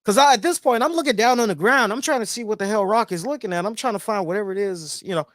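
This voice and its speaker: A man's voice: high-pitched, quick pace, no echo, studio quality. A man hosting a casual review show, telling a rambling story with plenty of swearing. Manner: animated, rambling, swears freely. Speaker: host and columnist.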